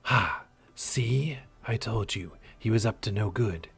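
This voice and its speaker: Man putting on a gruff old warrior guy, low grumbly voice, blunt and suspicious. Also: slow pace, a bit bright, exaggerated voice. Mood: smug.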